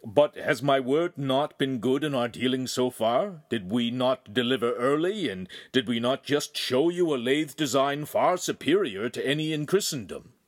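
A man's voice: mid-range voice, animated, normal speed, few pauses, no echo, clean studio sound, voice pushed up, natural voice. A man voicing an anxious, proud middle-aged craftsman, dignified and pleading in manner.

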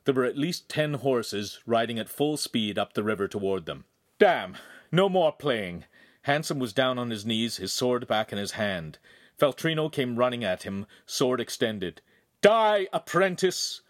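A man's voice: medium pitch, normal speed, no room sound, clean studio sound. A man reading a young adult novel aloud as the narrator, telling an action scene vividly. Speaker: audiobook narrator. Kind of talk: scripted narration.

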